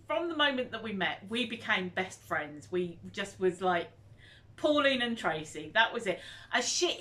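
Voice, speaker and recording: Woman in her fifties, bright tone, unhurried delivery, chatty vlogger reminiscing. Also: on the high side. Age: 50s. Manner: chatty, animated, nostalgic. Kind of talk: casual reminiscing chat.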